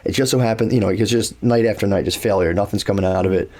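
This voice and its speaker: Warm in tone and on the low side, this male podcast co-host talks quickly. He spins loose, casual stories full of curse words and fillers.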